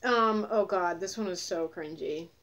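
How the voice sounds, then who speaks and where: A woman's voice: lowish voice, measured pace, a bit bright. Profane, scornful young woman ranting. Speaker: vlogger. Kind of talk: casual ranting vlog.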